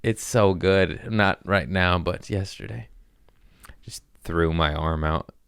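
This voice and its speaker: A young man hosting a podcast, hoarse from screaming and sore, telling comedic stories in a casual chat. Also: deep voice, slow pace, fairly bright tone, no echo, clean studio sound. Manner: laughing through pain, sore and winded. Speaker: podcast host.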